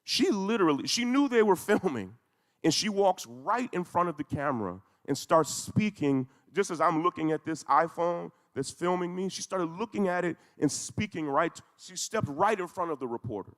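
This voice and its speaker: Male speaker, intense storyteller, gravelly voice, echoing hall. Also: high voice, animated, moderate pace. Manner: intense, storytelling with rising emphasis. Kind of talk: emotional speech to a congregation. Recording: echoey hall.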